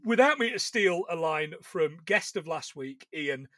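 A man's voice: fairly high pitch, expressive, measured pace, a bit bright, dry recording, studio quality. A man co-hosting a casual film-review podcast, joking and swearing as he talks. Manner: swearing, joking, laughs often. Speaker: podcast co-host.

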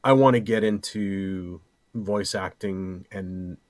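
Low-voiced playful middle-aged man. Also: slow, no room sound. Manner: playful, jokey, rambling. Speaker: podcast co-host. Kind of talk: casual chat.

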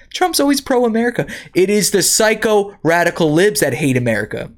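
Indignant woman podcast host, lively pitch. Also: fairly quick. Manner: indignant, sarcastic. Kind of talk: reading news and commenting.

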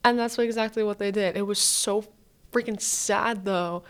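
Smooth-voiced woman gushing on a podcast. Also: mid-range voice, fairly even intonation, moderate pace, a bit bright. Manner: chatty, gushing, heavy use of "like". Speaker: podcast host; student. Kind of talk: casual fan commentary.

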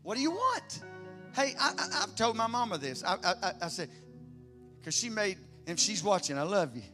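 Pastor guy in his 50s preaching hard, high bright voice, faint music underneath. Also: very animated, moderate pace. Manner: emphatic preaching, swings from loud declarations to quiet storytelling. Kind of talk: sermon.

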